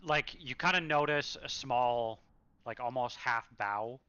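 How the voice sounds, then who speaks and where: A man running a tabletop game as game master, speaking in a hesitant, halting way. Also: medium pitch, sharp tone, smooth, no echo, lo-fi sound.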